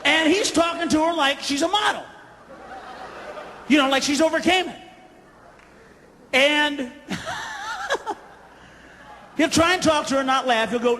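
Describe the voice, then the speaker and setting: A man's voice: extremely high pitch, unhurried, pauses often, noisy background. A man doing a stand-up comedy routine, ranting profanely and breaking into sudden screams, recorded live on stage. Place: live club or theater stage with audience. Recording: live concert recording, hall reverb, faint crowd.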